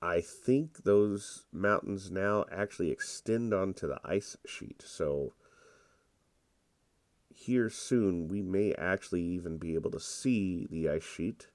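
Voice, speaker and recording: Slow, deep-voiced congested man commentating. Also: no room sound. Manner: relaxed, rambling and self-deprecating. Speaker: gameplay commentator. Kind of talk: casual gameplay commentary.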